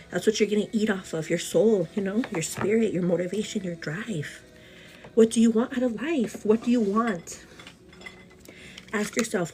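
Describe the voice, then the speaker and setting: A young woman talks fast and passionately into her phone camera at home, doing her makeup as she goes. She keeps calling the viewer "girl" and leans on "you know" while giving an earnest pep talk. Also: mid-range voice, darkish tone, breathy edge, rough recording. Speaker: beauty vlogger. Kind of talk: get-ready-with-me motivational chat. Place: home, indoors.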